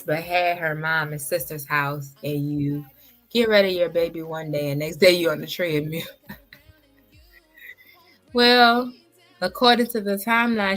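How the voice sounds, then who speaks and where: Sassy woman with a bright voice. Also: lowish voice. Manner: sassy, blunt trash talk with frequent laughs. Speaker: reaction channel host. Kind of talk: casual reaction commentary.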